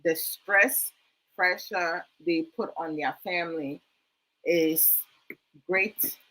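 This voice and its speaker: Slow, warm-toned woman hosting a live stream. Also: fairly low pitch, poor audio. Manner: reads out and thanks viewer comments; frequent fillers, slow and earnest. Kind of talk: casual live stream talk.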